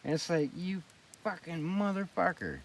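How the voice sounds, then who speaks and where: A man's voice: sits high, expressive, moderate pace, gravelly. Blunt, profane man ranting outdoors. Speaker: host. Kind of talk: fireside rant. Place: outdoors by a campfire. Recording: distant mic, faint outdoor noise.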